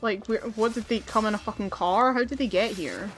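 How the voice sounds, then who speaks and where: A woman's voice: medium pitch, a little fast, music in the background. A woman hosting a gaming channel, rambling and swearing through casual gameplay commentary, with her mic a little far away. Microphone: desk mic, a bit far from her face.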